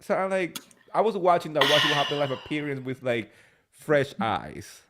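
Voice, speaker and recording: A man's voice: on the high side, expressive, moderate pace, background noise. A man appearing as a podcast guest, chatting casually and with strong opinions, often restarting his sentences. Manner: chatty, opinionated, with false starts. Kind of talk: casual gossip chat.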